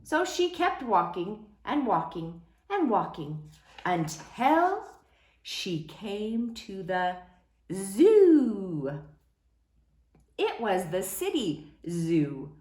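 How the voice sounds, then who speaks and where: A woman reading a children's picture book aloud in an expressive, sing-song way. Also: medium pitch, slow pace. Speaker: storyteller. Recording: roomy echo.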